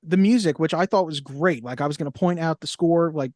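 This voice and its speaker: A man's voice: on the high side, fairly quick, darkish tone, no echo, clean studio sound. A young man co-hosting a movie podcast in casual chat, reading cast lists and review quotes aloud. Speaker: podcast co-host.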